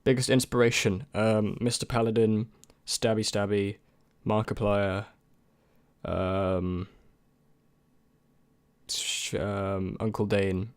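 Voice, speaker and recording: A man's voice: fairly low pitch, flat delivery, slow, smooth, no room sound. A young man and YouTube creator in casual chat, answering viewer questions in a rambling, hesitant way with many restarts.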